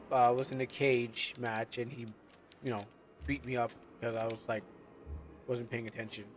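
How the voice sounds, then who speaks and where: A man's voice: mid-range voice, a little hiss or hum. A man streaming a game live, chatting casually and rambling as he loses his train of thought. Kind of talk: casual live gameplay commentary.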